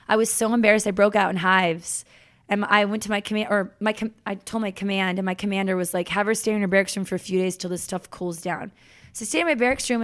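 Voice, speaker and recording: A young woman talking as a podcast guest, telling her story in a chatty, animated way. She restarts her sentences and fills them with "like," and her voice sits at a middle pitch. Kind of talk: casual interview storytelling.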